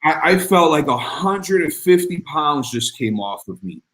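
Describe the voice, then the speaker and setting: A man's voice: sing-song, unhurried, fairly bright tone. A man telling his story as an interview guest, acting out the dialogue with big leaps in his voice. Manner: acts out dialogue, voice jumping high. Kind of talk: animated storytelling.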